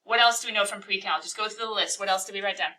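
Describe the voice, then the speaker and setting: Bright-voiced woman teaching calculus. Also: mid-range voice, far from the mic, low-quality recording. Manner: energetic, quizzes the class with quick questions. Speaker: math teacher. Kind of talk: classroom calculus lesson. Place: classroom.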